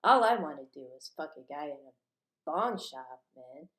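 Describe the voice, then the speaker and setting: A woman's voice: low voice, lively intonation, moderate pace, a bit bright, roomy sound. A woman ranting in a rambling, profane monologue.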